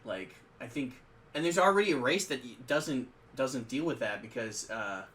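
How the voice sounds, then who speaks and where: Man, bright voice, casual podcast chat, rambling, restarts sentences. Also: medium pitch, animated, moderate pace. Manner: rambling and conversational, with frequent restarts. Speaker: podcast co-host. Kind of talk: casual chat about tabletop games.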